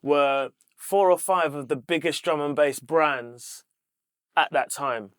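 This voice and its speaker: A man's voice: a little high, takes it slowly, a bit bright, smooth, no echo. Man, London accent, podcast host, earnest, slangy, dry close sound. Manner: earnest, repeats phrases, street slang. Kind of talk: casual chat.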